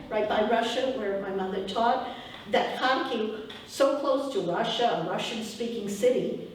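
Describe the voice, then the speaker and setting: Brief: earnest woman speaker at a public talk, echoey hall, mic far off, faint background hiss. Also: fairly high pitch. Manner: earnest, emphatic, repeats herself. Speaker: speaker addressing an audience.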